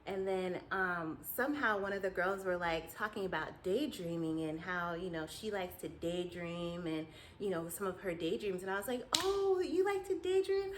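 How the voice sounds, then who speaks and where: A woman's voice: lowish voice, slight background noise, rough recording. Chatty woman vlogger telling dream stories. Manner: animated, chatty, quick to laugh. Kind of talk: casual storytelling to viewers.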